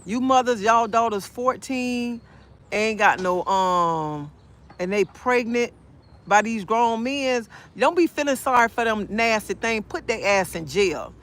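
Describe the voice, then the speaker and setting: A woman, chatting on a phone live stream outdoors in a park. She talks in an outspoken, animated way and answers viewer comments as she goes. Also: fairly high pitch, unhurried. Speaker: livestreamer. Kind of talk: casual live-stream chat.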